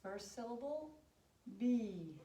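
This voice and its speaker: A woman teaching children a spelling lesson, cheerful and encouraging, spelling words out slowly. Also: on the high side, animated, mellow, echoey room.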